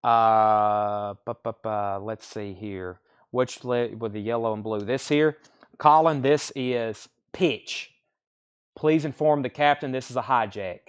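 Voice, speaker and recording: A man's voice: mid-range voice, slow, clean tone. A man running a live online record sale, rattling off album titles and prices in casual, friendly sales patter and tripping over artist names. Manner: friendly and easygoing.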